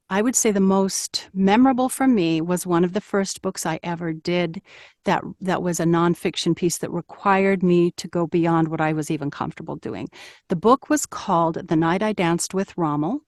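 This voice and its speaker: A woman's voice: fairly low pitch, a little mellow, no echo, studio quality. A middle-aged woman, an audiobook narrator, talking earnestly and reflectively as a guest in an interview, with fillers and restarts. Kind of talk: conversational interview.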